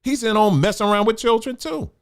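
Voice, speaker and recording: A man's slightly high, expressive voice carries an emphatic sermon-like monologue on his commentary show at normal speed. He repeats phrases for emphasis and calls his audience family.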